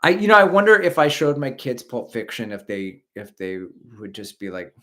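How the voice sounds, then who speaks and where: A man's voice: mid-range voice, big pitch swings, moderate pace, bright, forceful tone. Rambling chatty man in his forties. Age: 40s. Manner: rambling, chatty, reads out viewer comments. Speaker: podcast host. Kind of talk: casual live-stream chat.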